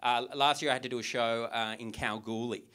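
A man's voice: medium pitch, steady tone, brisk, bright, forceful tone, clean tone. A young Australian man doing a stand-up comedy set in a theatre, telling stories with swearing and acted-out dialogue. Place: theatre comedy club on stage. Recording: live stage recording with audience noise.

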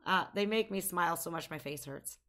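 A woman's voice: on the low side, fairly quick, a bit bright. A woman hosting a music reaction video, gushing and exclamatory, fangirling over a band. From United States. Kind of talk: excited music reaction chat.

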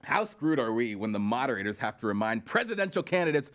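A man's voice: mid-range voice, sing-song, quick pace, a bit bright. A man hosting political commentary, delivering a sarcastic, mocking comedic rant full of incredulous questions.

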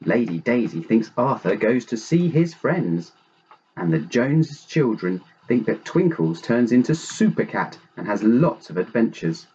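A man reading a bedtime story aloud in an animated, unhurried storytelling manner, on a dull, faintly hissy recording. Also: mid-range voice. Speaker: storybook reader.

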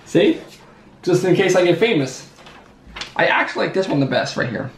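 A man's voice: sits high, sing-song, normal speed. A man at home, teasing and lecturing his partner in casual chat. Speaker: vlogger's partner. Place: home, indoors. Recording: echoey room, faint noise.

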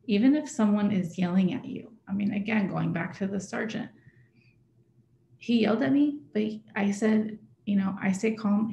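A woman's voice: mid-range voice, vocal fry, dark tone. A woman presenting a workshop to a live audience, speaking conversationally and checking in with her listeners. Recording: echoey room.

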